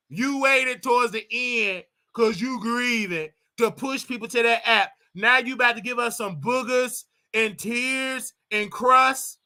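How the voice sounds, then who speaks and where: A man with a very high, piercingly bright voice hosts a commentary show. He rants in a casual, mocking tone and slips into exaggerated voices to mimic the people he talks about. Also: clear, resonant tone. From United States.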